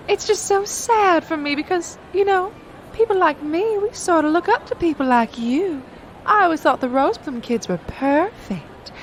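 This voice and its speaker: Woman acting as a Southern gossip mother, high voice, syrupy drawl, faint background hiss. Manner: drawn-out, sugary fake sympathy. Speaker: neighbor mother.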